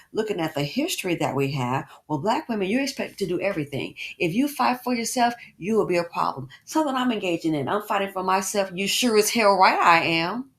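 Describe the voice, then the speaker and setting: A woman hosting a reaction commentary, expressive and repeating words as she reacts. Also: medium pitch. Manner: expressive, swoops into mock voices, repeats words. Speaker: commentary channel host.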